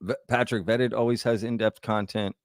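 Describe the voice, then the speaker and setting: A man's voice: on the low side, fairly even intonation, normal speed, dry recording, clean studio sound. A man hosting a live Q&A, reading chat comments aloud and laughing often. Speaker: livestream host.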